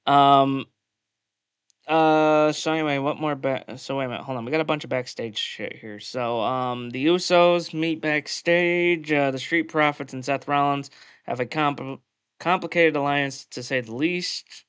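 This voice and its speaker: A man recaps wrestling on a podcast in loose, casual chat. His voice sits a little high and comes across smooth and resonant. He is blunt and swears freely, and the sound is close and dry. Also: steady tone, unhurried, fairly bright tone, dry recording. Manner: profane, blunt, peppered with "uh" and "um". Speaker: podcast co-host.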